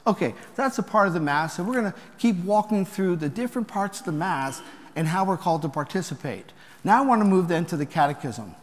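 A man preaching a sermon as a priest, talking conversationally with rhetorical questions and gentle humor. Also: high voice, expressive, brisk, slight background noise. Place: church. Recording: long reverb of a church.

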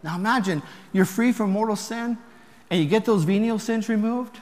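A man preaching a sermon as a priest, talking conversationally with rhetorical questions and gentle humor. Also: high voice, normal speed. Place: church. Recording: long reverb of a church.

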